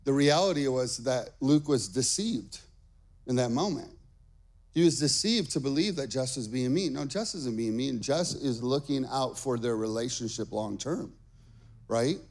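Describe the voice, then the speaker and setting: A young adult male pastor preaching a sermon from a church stage. He tells family stories in an animated way and keeps checking in with "okay?". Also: medium pitch, measured pace. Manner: animated storytelling with frequent "okay?" asides.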